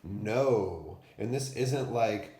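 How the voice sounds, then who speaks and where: Male teacher for first graders, slow and clear, roomy echo. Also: on the low side, animated, mellow. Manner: clear, deliberate enunciation for children. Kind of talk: phonics lesson and story read-aloud.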